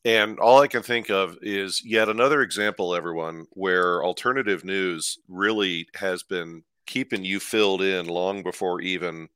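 A man's voice: low voice, moderate pace, hardly any pauses, sharp tone, clean tone, no room sound. A man hosting a podcast with political commentary, talkative and rambling with many fillers and restarts.

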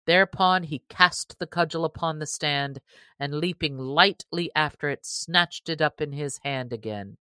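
A woman reading a classic adventure story aloud in a measured, expressive narration. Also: low voice, clean tone, no room sound. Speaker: audiobook reader. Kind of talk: audiobook narration.

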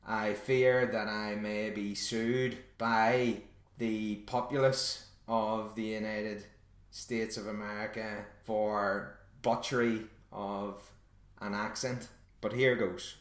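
Slow and flat in delivery, a low-voiced man from Northern Ireland narrates a story on his solo podcast with self-deprecating wit. The sound is roomy and echoey.

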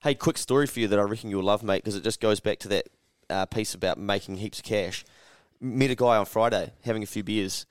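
A man co-hosting a casual podcast, swearing freely and mimicking people in loud, high voices. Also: fairly quick, hardly any pauses, clear, resonant tone, no room sound, studio quality. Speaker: podcast co-host.

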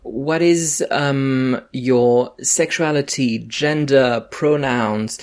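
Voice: medium pitch, extremely slow, darkish tone. A podcast host from France, chatting casually and playfully roasting guests and listeners.

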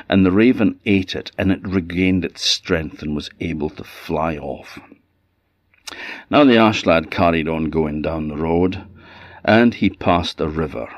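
Deep-voiced Orcadian storyteller. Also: male voice, dry recording. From Orkney, Scotland. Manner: unhurried, conversational with asides. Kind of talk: oral folktale storytelling. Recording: slightly dull dry audio.

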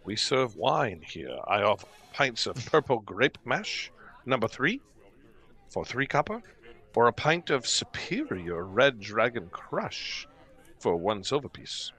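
A man's voice: medium pitch, very animated, slow, a bit bright, heavily acted. A man voicing a friendly bearded innkeeper who speaks in a formal, courteous way. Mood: welcoming. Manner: formal, courteous, slightly old-fashioned phrasing. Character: friendly bearded male innkeeper, proud of his family wine.

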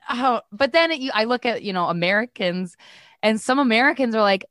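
A woman's voice: on the high side, animated, moderate pace, fairly bright tone, no room sound, studio quality. A woman hosting a podcast, chatting casually and frankly with her guest, reacting often. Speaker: podcast host.

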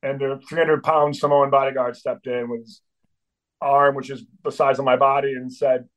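A man's voice: mid-range voice, moderate pace, a bit bright, highs cut off. A middle-aged man, a band's drummer, telling a wild tour story as a guest, swearing freely and acting out the voices of the people in it. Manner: swearing, acts out voices in quotes. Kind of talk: animated storytelling.

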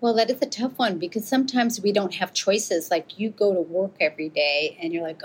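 Speaking a little fast at a medium pitch, this middle-aged woman from the United States recounts her experiences as an avalanche rescuer and author during an interview. She's animated, performing the quoted back-and-forth, and the recording quality is low.

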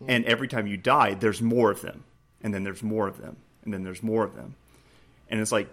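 On a casual gaming podcast, a male co-host with a fairly low, fairly quick voice tells the story of a game scene. He keeps restarting, quotes and acts out the prompts, and is laughing so hard he's choked up.

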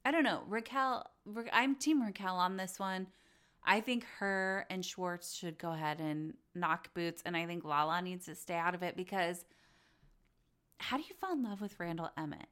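A woman's voice: medium pitch, a bit bright. Chatty woman podcaster, blunt and candid. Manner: chatty, blunt, swears freely, acts out quotes. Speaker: podcast host. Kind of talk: casual gossip commentary.

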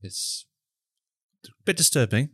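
A man's voice: mid-range voice, animated, measured pace, fairly bright tone, husky, no echo, studio quality. A man co-hosting a podcast, teasing his friends and recommending a film in casual chat. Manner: teasing, playful. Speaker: podcast co-host.

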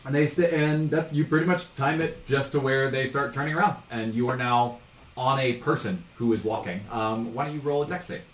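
A man's voice: medium pitch, brisk. A man running a tabletop game as game master, narrating in a loose, chatty way with frequent ums. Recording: roomy, distant mic, faint noise.

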